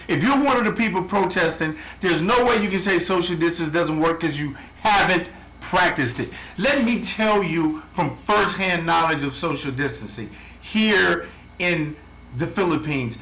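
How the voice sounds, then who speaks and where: A man's voice: high voice, bright, forceful tone. Blunt, heated man in an echoey room. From United States. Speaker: travel vlogger. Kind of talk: ranting video update. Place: home in the Philippines. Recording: echoey room, faint background noise.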